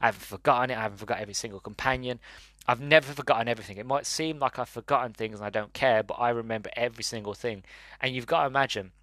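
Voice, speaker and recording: A man's voice: mid-range voice, racing, a bit bright, no room sound. A man giving an earnest, emotional review, often restarting his sentences, his voice wavering as if close to tears.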